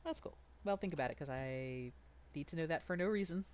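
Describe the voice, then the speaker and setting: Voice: medium pitch, fast. A game master running a tabletop game, explaining rules in a chatty, joking way with lots of fillers and restarts.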